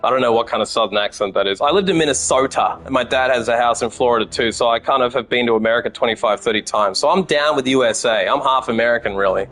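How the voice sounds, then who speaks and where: A man's voice: mid-range voice, fast talker, hardly any pauses, a bit bright, faint music behind. An Australian man streaming a card game, chatting with viewers and swearing freely as he plays. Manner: chatty and profane, talking to chat. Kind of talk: casual gameplay commentary.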